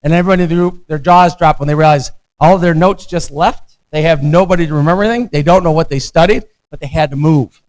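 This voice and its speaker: A man's voice: on the high side, fast talker, a little mellow, poor audio. A middle-aged American man giving a lecture as a visiting professor, in a conversational way that keeps checking in with the class. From United States.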